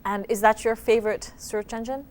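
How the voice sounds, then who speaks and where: A woman's voice: fairly high pitch, fairly even intonation, a little fast, darkish tone, slight background noise. A woman co-hosting a quiz show, chatting with contestants and moving the rounds along in an upbeat, teasing way.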